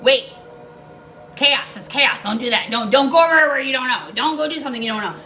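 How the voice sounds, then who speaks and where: A woman's voice: high-pitched, expressive, brisk, sharp tone, a little hiss or hum. A woman putting on a weird little worried voice for a cautious naysayer who warns against taking risks. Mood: anxious. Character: fretful cautious naysayer warning against risk.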